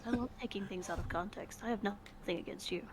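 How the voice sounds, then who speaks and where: A woman's voice: medium pitch, fast talker, heavy background noise. A woman chatting playfully with friends on a voice call, speaking into a desk microphone. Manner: playful, mock-defensive. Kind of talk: casual chat on voice call.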